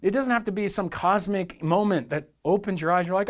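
A man's voice: sits high, a little fast. A man preaching a sermon as pastor, in an earnest, conversational way with lots of repetition.

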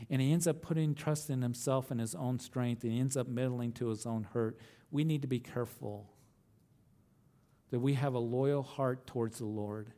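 Male pastor, mid-pitched, conversational storyteller who raises his voice when quoting characters. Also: warm tone. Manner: storytelling, acts out quoted lines with rising emphasis; conversational asides and restarts. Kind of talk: verse-by-verse Bible teaching.

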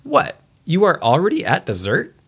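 A man's voice: sits high, huge pitch swings, normal speed, fairly bright tone, slightly rough, voice pushed up, heavily acted. A man voicing a chatty, naive wealthy wife in a read-aloud story. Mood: breezy. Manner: light, breathless, naive tone.

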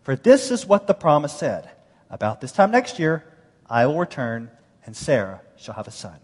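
A man preaching a sermon, reading scripture aloud and explaining it with animated emphasis that swings between loud and hushed. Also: on the high side, normal speed. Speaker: pastor. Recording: long hall reverb.

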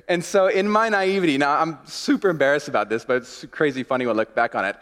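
A pastor giving a sermon, telling a self-mocking personal story in a chatty way and leading a short prayer. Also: male voice, fairly high pitch, quick pace, a bit bright. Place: church sanctuary. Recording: long reverb of a church hall.

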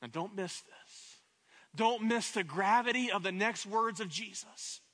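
A man's voice: high-pitched, unhurried, fairly bright tone. A man preaching a sermon as pastor, impassioned, often repeating words as he builds up.

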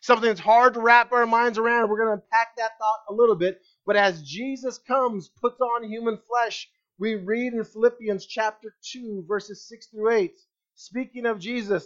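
Higher-voiced male pastor preaching. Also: lo-fi sound. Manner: expressive preaching, slows and drops low on key words. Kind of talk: sermon. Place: church.

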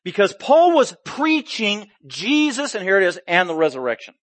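Impassioned preacher with a high, lively voice. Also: male voice, normal speed, no echo. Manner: emphatic and impassioned, with heavy stress. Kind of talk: expository sermon.

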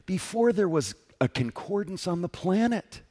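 A man preaching a sermon in a conversational, emphatic way, swinging between loud and hushed and often checking in with "right?". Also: high-pitched, very animated, moderate pace. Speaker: pastor.

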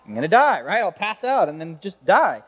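A man preaching a lively, conversational sermon, telling a Bible story and throwing rhetorical questions at his listeners. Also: high-pitched, normal speed, husky, big-room sound.

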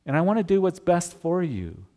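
A man voicing a gentle, patient male teacher who speaks softly with a slightly disappointed tone. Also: mid-range voice, normal speed, close to an everyday voice. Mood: tender. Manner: soft, gentle, pleading.

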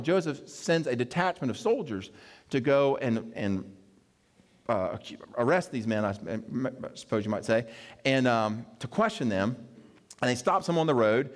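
A man preaching a sermon, telling the story in a lively way and acting out the quoted characters with playful asides. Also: medium pitch. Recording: long reverb of a hall.

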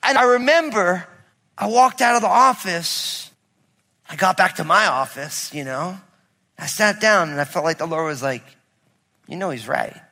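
A high-pitched, bright male pastor preaching a sermon in a big church hall with a long reverb. He tells a story in a hushed, storytelling voice and then climbs into loud, emphatic preaching. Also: animated, normal speed. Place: church sanctuary with congregation.

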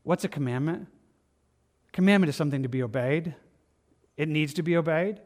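A little high in pitch but with a darkish tone, an American pastor speaks conversationally from the pulpit and imitates people's excuses in brief, quick voices.

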